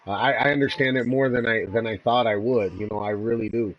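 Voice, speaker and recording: A man's voice: medium pitch, fairly even intonation, fairly quick, dull audio, a little hiss or hum. A man chatting casually over voice chat, laughing easily.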